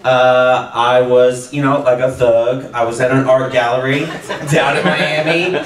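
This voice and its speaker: A man's voice: medium pitch, steady tone, a little slow. A man doing a stand-up comedy set, telling a rambling story full of fillers and laughs. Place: small comedy venue with a live audience. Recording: echoey room heard from far off, audience noise. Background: audience laughter.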